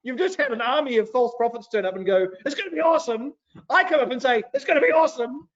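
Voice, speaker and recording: A man's voice: extremely high pitch, fast, fairly bright tone, pitched above the performer's own voice. A man voicing a sarcastic male prophet who mocks a king with exaggerated sing-song cheerfulness. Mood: exasperated. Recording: dull lo-fi recording.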